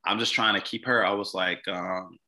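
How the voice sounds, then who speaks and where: Low, bright-voiced young man telling his story. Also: steady tone. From Mississippi. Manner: halting, repeats words and restarts often. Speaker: guest. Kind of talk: personal storytelling in an interview.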